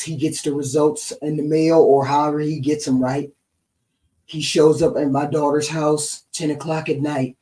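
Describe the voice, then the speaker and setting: Mellow-voiced woman telling a family story. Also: low voice, recorded from a distance, poor audio. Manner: animated retelling, tags lines with "right?". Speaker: podcast co-host. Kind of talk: casual storytelling chat.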